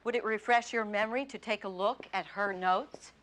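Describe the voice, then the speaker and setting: Actress doing a sharp prosecutor grilling a witness, bright voice, bit of hiss. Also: female voice, medium pitch, normal speed, lightly acted. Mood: pressing. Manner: probing, pointed cross-examination. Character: sharp, relentless female prosecutor. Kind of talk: TV movie courtroom drama.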